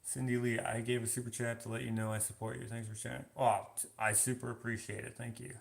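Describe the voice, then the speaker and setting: Speaking fast in a creaky, mid-range voice with little pitch movement, a man chats casually on a live stream. As a vlogger fielding viewer questions, he reads the comments aloud and answers with loose, filler-laden talk, all in a roomy, echoing space.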